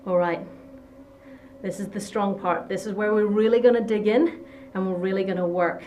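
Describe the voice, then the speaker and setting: A woman's voice: mid-range voice, fairly even intonation, moderate pace, darkish tone, a little hiss or hum. A woman leading a workout as fitness instructor, giving short encouraging coaching cues.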